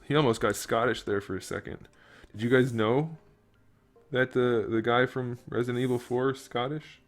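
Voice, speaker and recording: His mid-range voice holds a fairly even intonation at normal speed as he streams himself working on a toy figure. He talks to himself, reasoning aloud, and drops in playful remarks for viewers in a relaxed live-stream chat.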